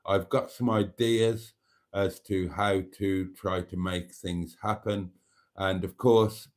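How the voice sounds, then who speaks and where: A man hosting his nightly livestream in a casual chat, speaking gently and affectionately and often trailing off quietly. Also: on the low side. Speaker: channel host.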